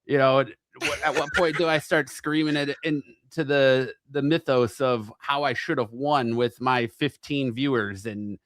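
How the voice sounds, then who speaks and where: A man's voice: mid-range voice, fairly even intonation, unhurried, hardly any pauses, a bit bright, dry recording. Crude, rambling man from Arizona. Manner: rambling, crude, self-mocking. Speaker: guest. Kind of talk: casual chat.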